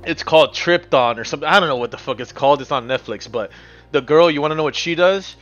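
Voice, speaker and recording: A man's voice: fairly high pitch, fast talker, fairly bright tone, muffled recording, soft background music. A man live-streaming a game, commenting casually, frustrated and swearing as he mutters to himself.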